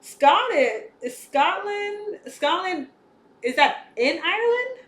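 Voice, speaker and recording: An American woman co-hosting a podcast, chatting casually and lively, often trailing off mid-thought. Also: very high-pitched, slow pace, echoey room. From United States. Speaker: podcast co-host. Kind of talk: casual chat.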